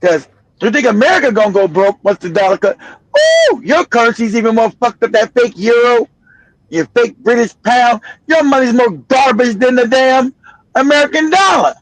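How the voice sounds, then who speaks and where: A male livestream host gives blunt, profane political commentary and laughs between points. His voice is notably high for a man, and the sound is dry and close. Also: sing-song, moderate pace, no room sound, poor audio.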